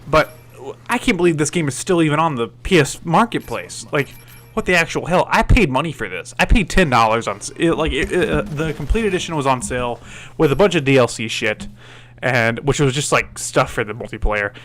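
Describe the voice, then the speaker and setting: A man's voice: fairly high pitch, expressive, a little fast, fairly bright tone. A man doing a game review voice-over, swearing a lot and stumbling over his words as he complains. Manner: profane and exasperated, stammers and restarts.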